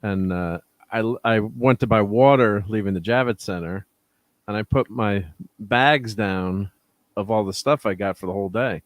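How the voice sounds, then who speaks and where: A man shares stories in a casual chat, chatty and often chuckling as he goes. His voice sits on the low side. The recording is dry, with no room echo. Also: normal speed.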